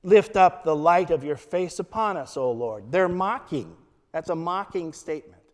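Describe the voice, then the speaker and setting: A man preaching a sermon as a pastor, quoting scripture in a slow, deliberate way. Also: a little high, animated, darkish tone, in a large hall.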